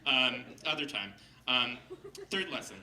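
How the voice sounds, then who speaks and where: Animated man telling a story on stage. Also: mid-range voice, a little slow, echoey room, distant mic, rough recording. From Seattle. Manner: animated, laughing, acts out quoted voices. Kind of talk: live personal storytelling. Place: stage before a live audience.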